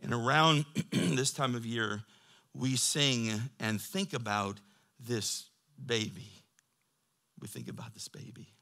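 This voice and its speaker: A man's voice: mid-range voice, slow, vocal fry, bright, forceful tone. A man preaching a sermon to his church in a conversational, joking way, reading scripture between asides. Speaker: pastor.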